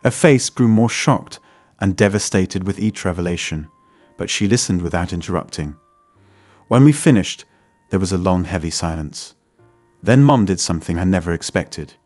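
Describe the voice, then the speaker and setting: Man narrating a story, low voice, dry close sound, faint music behind. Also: lively intonation, moderate pace, a little mellow, no echo. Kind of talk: scripted first-person story narration.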